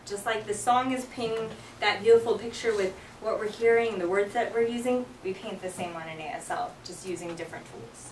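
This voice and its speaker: Her mid-range voice moves fairly quickly with hardly any pauses as this young woman teaches sign language in a casual, chatty way, saying "like" and "um" constantly. She acts out song lyrics while explaining to students. The recording carries a little hiss or hum, and her voice echoes from far off in the classroom.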